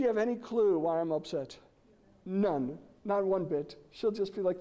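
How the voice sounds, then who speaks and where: A middle-aged man giving a presentation, telling animated stories and posing questions to the audience. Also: on the high side, normal speed. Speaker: lecturer. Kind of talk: conference presentation.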